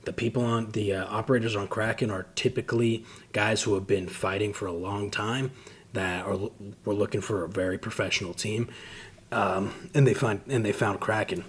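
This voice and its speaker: A man casually commenting on combat footage, relaxed and profane, with many fillers and restarts. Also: fairly low pitch, moderate pace, breathy edge. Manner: laid-back, swears freely, trails off with fillers. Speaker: host reacting to combat footage.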